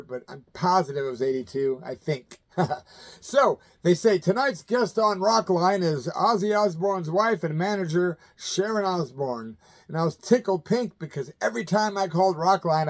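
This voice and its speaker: A man's voice: a little high, darkish tone. A man in his fifties from the American Midwest, telling rock stories in a loose, colloquial way and acting out the people he quotes. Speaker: channel host telling stories. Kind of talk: casual anecdotal storytelling.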